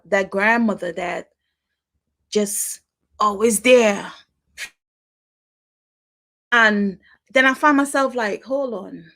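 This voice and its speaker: A woman's voice: fairly high pitch, fairly bright tone. A middle-aged woman hosting a podcast, talking in a chatty monologue, repeating herself and laughing often. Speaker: podcast host. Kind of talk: casual monologue.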